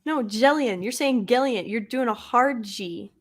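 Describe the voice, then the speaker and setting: A woman's voice: fairly high pitch, measured pace. A woman from the United States co-hosting a livestream, teasing and laughing easily. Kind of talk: casual livestream chat.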